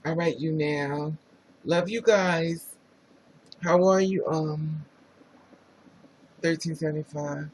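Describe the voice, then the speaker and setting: Sassy slow-talking Jersey livestreamer. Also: male voice, on the high side, fairly even intonation, darkish tone, a little hiss or hum, poor audio. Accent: New Jersey. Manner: sassy, chatty, reads viewer names aloud. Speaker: livestream host. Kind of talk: casual livestream chat.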